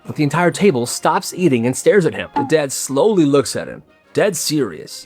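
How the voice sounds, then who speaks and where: A man telling funny stories in a casual, animated way, slipping into quick voices for the people in them. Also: fairly high pitch, soft background music. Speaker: storyteller. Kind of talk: casual comedic storytelling.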